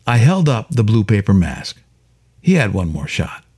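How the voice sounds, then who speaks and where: A man reading his own detective story aloud in a wry, deadpan first-person style. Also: on the low side, normal speed, slightly rough. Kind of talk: audiobook narration.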